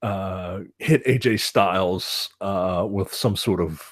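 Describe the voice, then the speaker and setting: A man's voice: low voice, takes it slowly, no echo, studio quality. A man co-hosting a casual wrestling chat, rambling and swearing, full of "like" and "man". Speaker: wrestling podcast co-host.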